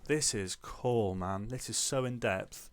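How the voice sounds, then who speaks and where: A man gives chatty, joking commentary while he plays a management game and reacts out loud. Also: on the low side, takes it slowly. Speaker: gamer playing a management game. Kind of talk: casual let's-play commentary.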